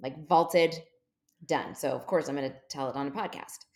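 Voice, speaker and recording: Guest storyteller: woman, 40s, deep for her sex, chatty, does quick voices of people she quotes. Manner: animated, jumps into quoted voices. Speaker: podcast guest. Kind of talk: casual storytelling.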